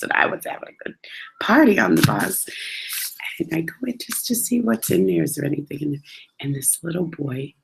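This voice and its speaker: A woman's voice: low voice, vocal fry, slightly rough, low-quality recording. A woman telling travel stories in a chatty, casual way, acting out the voices she quotes. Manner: chatty, acts out quoted voices, laughs often. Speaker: travel storyteller. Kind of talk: casual storytelling.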